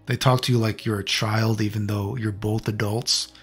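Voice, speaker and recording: A man with a husky, slightly breathy voice rants bluntly and profanely to his viewers. His delivery is casual and loose, full of restarts. Soft music plays faintly underneath. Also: lowish voice, flat delivery, moderate pace. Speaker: channel host. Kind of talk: casual video rant.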